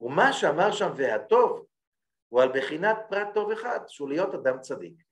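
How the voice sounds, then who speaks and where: A rabbi teaching a Torah class, who rattles off Hebrew passages quickly and then explains them in English, often checking in with listeners. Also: male voice, fairly high pitch, very animated. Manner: checks in with listeners by saying "okay?".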